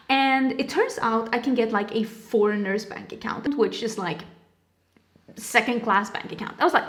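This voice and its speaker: A woman's voice: fairly high pitch, moderate pace. A young woman from Sweden, a native Swedish speaker, chatting in a casual vlog and telling a story with sarcastic asides and mimicked dialogue, recorded indoors at home. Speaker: vlogger. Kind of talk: casual get-ready-with-me chat.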